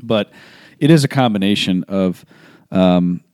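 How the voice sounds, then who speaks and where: A man's voice: deep voice, measured pace, darkish tone, smooth, dry recording, clean studio sound. A young man hosting a podcast, telling rambling, self-deprecating stories in casual chat. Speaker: podcast host.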